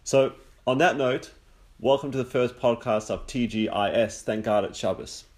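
Man giving a measured Sabbath talk. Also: mid-range voice, darkish tone. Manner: measured, slows down to stress key words and builds through long lists. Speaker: podcast host teaching on the Sabbath. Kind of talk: relaxed religious teaching with an opening joke.

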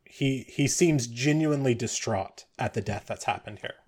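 A man's voice: medium pitch, moderate pace, darkish tone, breathy edge. A man running a tabletop game as game master, narrating with many fillers and restarts. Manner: rambling, with frequent fillers.

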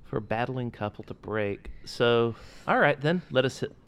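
A man's voice: medium pitch, animated, measured pace, a bit bright, clean tone. A man co-hosting a podcast, chatting casually, incredulous and profane. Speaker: podcast co-host. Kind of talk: casual chat.

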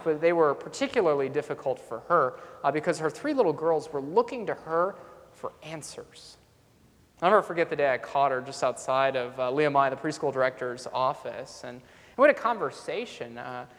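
A man preaching a sermon as a pastor, telling a story earnestly and coming back to a repeated refrain. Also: fairly high pitch. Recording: long reverb in a large hall.

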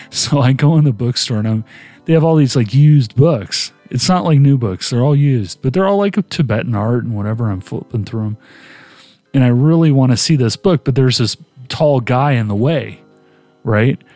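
A man's voice: mid-range voice, lively intonation, normal speed, darkish tone, no room sound, faint music behind. A man hosting a podcast, telling a long, rambling story in casual chat. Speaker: podcast host.

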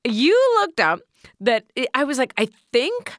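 A woman's voice: fairly high pitch, big pitch swings, a little slow, fairly bright tone, dry recording, studio quality. A woman co-hosting a casual chat, telling a story in a chatty, self-mocking way. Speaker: podcast co-host.

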